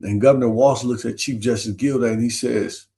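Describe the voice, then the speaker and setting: A man's voice: mid-range voice, steady tone, fairly quick, warm tone. A man guest, retelling a story in an earnest, emotional way, close to tears. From Minneapolis, USA.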